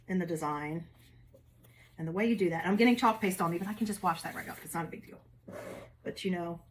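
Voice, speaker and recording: A woman's voice: fairly low pitch, slight background noise. A woman, chatting folksily to viewers as she demonstrates a craft project step by step. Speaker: craft tutorial host. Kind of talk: casual step-by-step craft demo.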